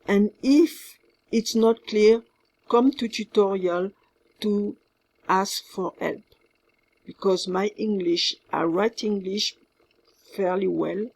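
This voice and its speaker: A woman with a French accent giving recorded class instructions as a French teacher, in a slow, careful way that repeats itself and drops in French words. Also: mid-range voice, creaky, darkish tone, breathy edge.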